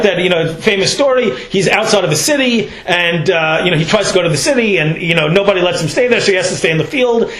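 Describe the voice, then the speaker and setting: A man with a high voice teaches a Torah class in an informal, chatty way. He keeps tossing in "right?" and "you know" as he works through his points. The room gives his voice a roomy echo. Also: fairly bright tone. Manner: conversational, peppers speech with "right?" and "you know". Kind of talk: Torah lecture.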